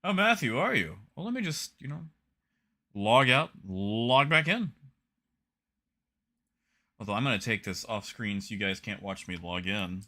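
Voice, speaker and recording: A young man talks to his live-stream audience in a relaxed, casual way. His voice is bright and forceful, and his pitch swings up and down a lot. He reads patch notes aloud and drops dry, wry asides. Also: a little slow, pauses often.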